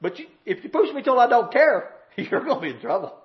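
A man preaching a sermon in a folksy, drawling way, swinging from loud shouting to low murmured prayer. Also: very animated, brisk, dull audio.

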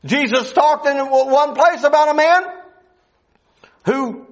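A man's voice: very high voice, slow. A man preaching a sermon, emphatic and full of rhetorical questions, on a dull lo-fi recording.

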